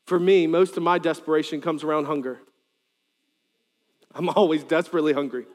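A male pastor preaching a sermon, animated, with joking asides and sudden loud quoted lines. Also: fairly high pitch, brisk, big-room sound.

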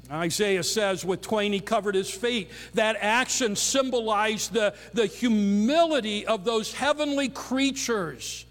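A high-pitched male pastor preaching with emphatic repetition. His voice carries a long reverb, as if recorded in a large hall. He drives home points with measured pauses. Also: a bit bright. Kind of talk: sermon.

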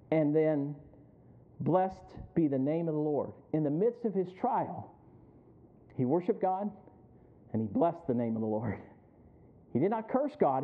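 A middle-aged man preaching a sermon as pastor, telling a personal story and then building up to loud, high-pitched preaching. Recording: tinny phone-like sound.

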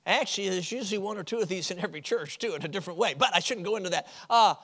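A man from Chicago preaching a sermon, moving from loud stressed phrases to quiet, low drops. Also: animated, fairly quick. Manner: swings from loud emphasis to quiet drops, with chuckles.

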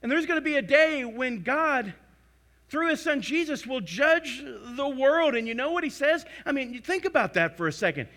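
Male pastor, high and sharp-toned, emphatic sermon delivery with big swings in volume. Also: animated, normal speed. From United States. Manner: emphatic, swings between loud and hushed.

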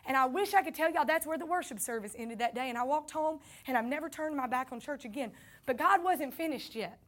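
A woman's voice: high voice, brisk, a bit bright. A woman with a Southern accent giving an earnest personal faith testimony, speaking to her listeners as y'all.

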